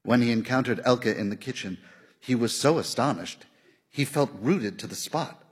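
A man narrating a literary novel in a measured storytelling manner, shifting his voice softly for the characters' dialogue. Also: medium pitch, animated, breathy edge, big-room sound. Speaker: audiobook narrator.

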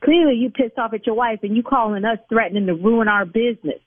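A woman's voice: on the high side, quick pace, no echo. A woman who runs a lash salon, arguing on the phone in an exasperated, scolding, defensive way. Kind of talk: heated phone argument. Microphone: telephone. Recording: tinny phone line.

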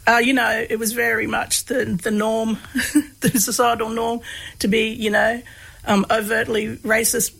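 A woman's voice: fairly high pitch, flat delivery, a little slow, vocal fry, fairly bright tone, slightly rough, low-quality recording. A woman telling a personal story in a casual, hesitant way, full of fillers. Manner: hesitant, many fillers, laughs while telling. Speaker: guest, researcher of comedy.

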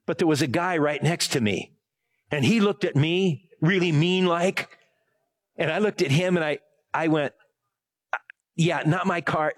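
A man's voice: a little high, normal speed. Chatty, rambling male preacher. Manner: rambling, self-correcting, asks the audience for help. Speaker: pastor. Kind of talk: conversational sermon with a personal story.

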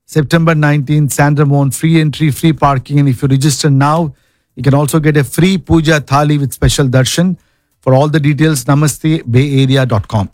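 A man's voice: on the high side, steady tone, brisk, a little mellow, dry recording. A man hosting a radio call-in show from a studio, upbeat and reading ads between callers. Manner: upbeat, repeats the call-in number.

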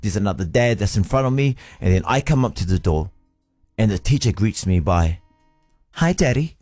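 A man's voice: a little fast, faint music behind. A man co-hosting breakfast radio, telling a story with lots of animation, on a studio mic. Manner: animated storytelling, sliding between high and low. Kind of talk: casual on-air banter. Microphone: studio microphone.

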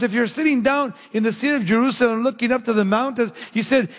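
A man preaching a sermon, swinging between loud emphatic lines and low, hushed endings. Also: fairly quick. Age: young adult. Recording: long hall reverb.

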